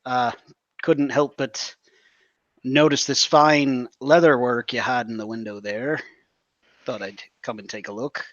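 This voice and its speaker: Guy playing a hearty polite adventurer, mid-pitched, kinda lo-fi dry sound. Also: steady tone, unhurried, dry recording, close to an everyday voice. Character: male adventurer with an eye for craft.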